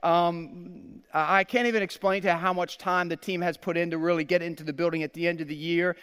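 A man's voice: on the high side, fairly even intonation, a little fast, fairly bright tone, smooth, in a large hall. A man in his thirties preaching a sermon as pastor. He speaks earnestly and often repeats words as he goes.

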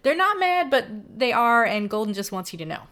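A woman in relaxed conversation, walking through a film's plot scene by scene. She laughs often and tosses in amused asides as she recaps. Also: fairly high pitch, fairly quick. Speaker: podcast co-host. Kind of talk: casual film discussion.

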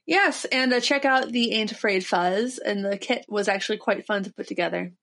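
A woman co-hosting a podcast, chatting in a playful, joking way with quick asides. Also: medium pitch, fairly bright tone. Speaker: podcast co-host. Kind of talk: casual chat.

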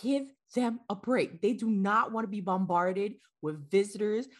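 A woman's voice: medium pitch, unhurried. A woman co-hosting a podcast, talking in a candid, casual way, blunt and emphatic, with some swearing. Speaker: podcast co-host.

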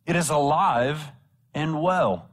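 A pastor preaches to his congregation, driving points home by repeating them and reading scripture aloud. His voice sits fairly high for a man. Long reverb from the church sanctuary trails after each phrase. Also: animated, slow pace. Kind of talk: sermon.

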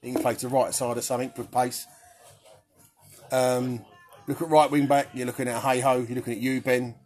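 A man's voice: mid-range voice, steady tone, a little fast, a little mellow. A young man hosting a casual quiz for his football teammates, cheeky and sweary, laughing often. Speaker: quiz host for a football team. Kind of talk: casual banter.

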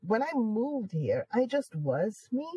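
A woman's voice: on the high side, very animated, slow, dark tone, slightly rough, no room sound, poor audio. A woman with a Jamaican accent, a guest in an interview, who talks emphatically and upbeat and laughs often. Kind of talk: casual conversational interview.

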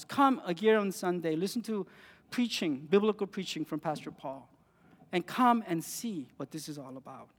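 A man with a high voice preaches a sermon, pressing points with rising emphasis and then sinking to near-quiet lines. The sound carries a long reverb from a large church hall. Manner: earnest, rising emphatic phrases with quiet drops.

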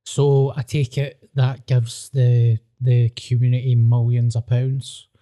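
A man's voice: mid-range voice, level tone, slow pace, mellow. A man in casual chat, laid-back and sweary, reacting to his friend's stories.

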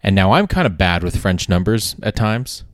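On his podcast, a man with a fairly low, sing-song voice tells a casual story at a moderate pace, rambling and doubling back while dropping swear words for emphasis. The recording is dry and close, with no room around it.

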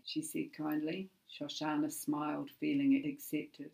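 A woman with a notably low voice reads a family drama in a measured, even narration. She sounds slightly distant from the microphone. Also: vocal fry. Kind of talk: scripted narration of a family story.

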